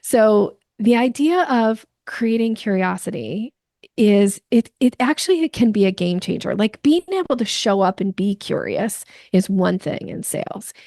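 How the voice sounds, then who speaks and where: A woman guest on a podcast, a sales coach explaining her ideas in lively conversation with playful examples. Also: mid-range voice, moderate pace, creaky, no echo, clean studio sound.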